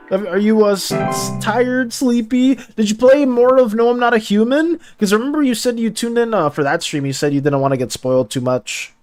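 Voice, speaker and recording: Lively chatty game streamer. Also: mid-range voice, brisk, faint music behind. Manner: chatty, reads game text aloud, talks to chat. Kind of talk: casual game commentary.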